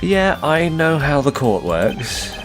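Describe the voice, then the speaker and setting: A man's voice: a little high, big pitch swings, takes it slowly, faint music behind, pitched above the performer's own voice. A man voicing an earnest young male defense attorney in a game, in a plain, slightly exasperated way.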